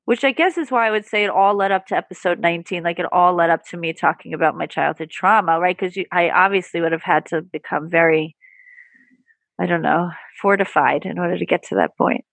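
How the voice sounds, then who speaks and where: Candid, animated woman guest. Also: lowish voice, fairly quick, creaky, no room sound. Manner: candid, animated, laughs easily. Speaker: podcast guest, therapist and performer. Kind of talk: casual interview chat.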